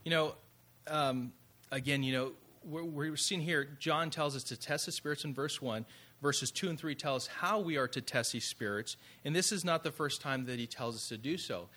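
A man's voice: mid-range voice, bright, forceful tone. A man preaching a sermon in a conversational way, often asking rhetorical questions. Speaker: pastor.

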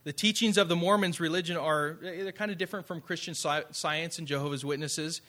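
A man's voice: on the high side, fairly quick, sharp tone. A man preaching a sermon in a conversational way, often asking rhetorical questions. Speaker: pastor.

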